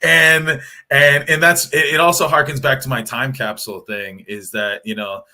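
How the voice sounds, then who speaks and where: A man's voice: mid-range voice, steady tone, moderate pace, pushed and bright. A man from Hawaii with a Hawaiian Pidgin accent, speaking candidly and emphatically on a panel, often restarting his sentences.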